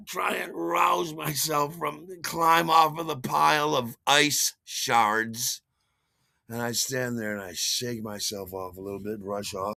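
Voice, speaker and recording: A man's voice: mid-range voice, fairly even intonation, unhurried, creaky, pushed and bright, dry recording. A man telling a comic, self-mocking personal story, acting out the scenes. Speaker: podcast host.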